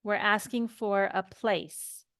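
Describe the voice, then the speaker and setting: A woman teaching an English grammar lesson, explaining slowly and patiently and often checking in with "okay?". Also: medium pitch, fairly even intonation, a bit bright, clear, resonant tone, no echo, clean studio sound.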